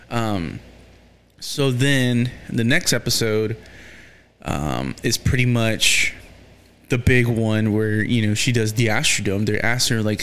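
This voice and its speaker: A man talks through episodes of a series in a loose, casual recap. His voice sits at an ordinary middle pitch. He rambles, restarts his sentences, leans on fillers, and swears freely when he gets heated. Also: measured pace, fairly bright tone, clear, resonant tone. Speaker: show recapper.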